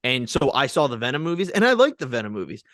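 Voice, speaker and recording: Animated man in casual podcast chat. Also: mid-range voice, quick pace, no room sound, studio quality. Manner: animated, emphatic, swears freely. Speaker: podcast co-host.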